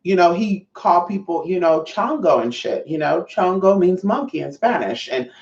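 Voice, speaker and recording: A woman's voice: on the low side, animated, moderate pace, a little mellow. A woman hosting a casual livestream, reading chat aloud, swearing freely and calling her viewers honey. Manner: brassy, profane, calls viewers honey. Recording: roomy, distant, dull lo-fi mic.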